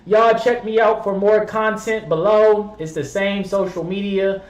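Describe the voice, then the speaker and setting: A man streaming, reacting to basketball clips with hyped, profane, yelling commentary. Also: high-pitched, fairly even intonation, unhurried, reverberant, distant mic, poor audio.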